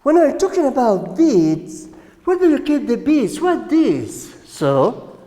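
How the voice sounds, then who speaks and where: Slow, echoey Colombian English teacher. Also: male voice, very high-pitched, very animated, warm tone. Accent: Colombian Spanish. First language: Spanish. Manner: slow, repeats words and asks "right?". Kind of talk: classroom English lesson. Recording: echoey room with long reverb.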